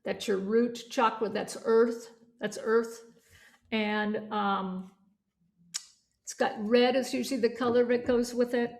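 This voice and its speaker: A woman teaching a vocal yoga certification class, chatty and animated, breaking off to demonstrate voices and resonance. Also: on the high side, takes it slowly, gravelly.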